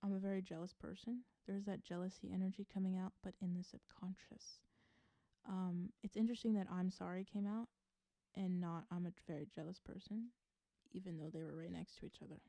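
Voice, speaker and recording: A woman's voice: lowish voice, flat delivery, fairly quick, creaky, warm tone, dry recording. A woman giving a casual tarot reading to camera, musing aloud in a chatty way and laughing often. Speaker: tarot reader.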